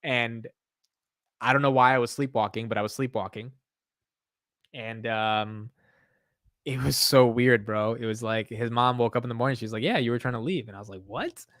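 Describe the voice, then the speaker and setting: A man's voice: mid-range voice, fairly even intonation, moderate pace, long pauses, fairly bright tone, dry recording, clean studio sound. A young man hosting a late-night livestream, rambling loosely and reading viewer comments aloud, with "yo" and "bro" thrown in often. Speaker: livestream host.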